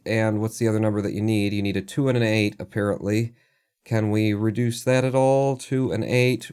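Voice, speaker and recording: Low-voiced man muttering through a puzzle. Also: a little mellow, clean tone. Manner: mutters numbers to himself, self-deprecating asides. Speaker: live streamer. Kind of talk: casual thinking aloud while playing a puzzle game.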